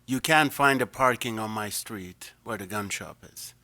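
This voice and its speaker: Board member, man, sharp bright voice; concerned, halting restarts. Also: lowish voice. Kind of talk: public meeting discussion.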